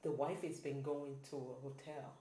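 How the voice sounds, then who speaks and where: A woman chatting casually as a podcast co-host, laughing often and talking in halting restarts. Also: very deep voice, level tone, dark tone, slight background noise. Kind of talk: casual chat. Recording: echoey room.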